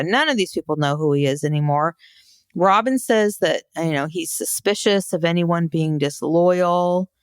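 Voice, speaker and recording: A woman's voice: on the low side, no room sound, studio quality. A woman co-hosting a podcast in casual chat, exasperated and sarcastic. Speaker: podcast co-host.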